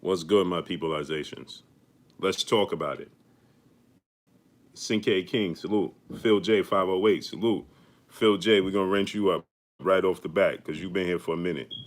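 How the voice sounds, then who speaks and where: A man hosting a live boxing stream, greeting his viewers one by one in energetic slang. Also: low voice, normal speed. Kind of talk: casual live-stream shout-outs.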